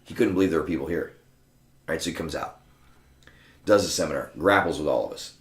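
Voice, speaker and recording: A middle-aged man telling stories in a casual, profane, animated chat, acting out the voices of the people in them. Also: extremely low pitch, a little fast, roomy sound. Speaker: guest storyteller. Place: room with a small live audience.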